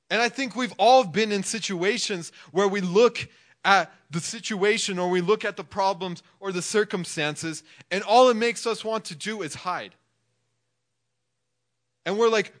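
A man with a high-pitched voice delivers a relaxed, conversational sermon. He leans on filler words and slips into little acted-out voices of people's thoughts. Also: normal speed. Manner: conversational, filler-heavy, acts out inner thoughts. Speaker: preacher. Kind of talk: casual sermon.

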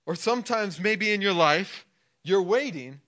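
A man with a high-pitched voice delivers a relaxed, conversational sermon. He leans on filler words and slips into little acted-out voices of people's thoughts. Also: unhurried. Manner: conversational, filler-heavy, acts out inner thoughts. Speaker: preacher. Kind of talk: casual sermon.

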